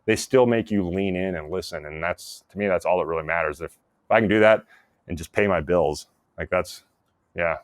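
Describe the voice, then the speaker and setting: A man, an actor and former soldier, telling stories in a casual podcast interview, animated and laughing often as he talks. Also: sits low, a little fast, no room sound. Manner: animated storyteller, laughs often, many restarts.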